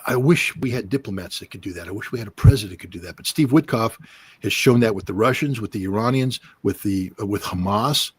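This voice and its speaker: A man's voice: on the low side, fast, breathy edge, no room sound. A middle-aged man giving emphatic political commentary on a livestream, hammering points with repetition and mocking quotes of officials.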